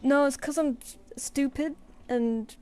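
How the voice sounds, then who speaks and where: A woman's voice: high-pitched, a little slow, dark tone. Chatty self-deprecating woman streamer. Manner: rambling, self-deprecating, chatting to her pet. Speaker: artist streaming live commissions. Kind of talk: casual live-stream chat.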